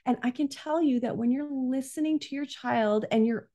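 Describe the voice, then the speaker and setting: A woman with a high, warm voice speaks at a normal pace as a parenting coach in conversation. She's earnest, explaining things like a guest and often checking in with "right?"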